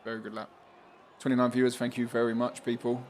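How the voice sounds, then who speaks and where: A man's voice: medium pitch, monotone, quick pace, a little mellow, slight background noise. A man commentating a sim race on a live stream, chatty and laughing often as he reads out viewer comments.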